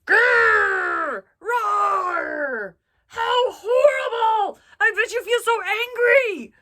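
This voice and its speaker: A woman voicing an angry bear in a children's story, growling and shouting. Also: very high voice, expressive, drawn-out words, voice pushed up, heavily acted. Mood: furious.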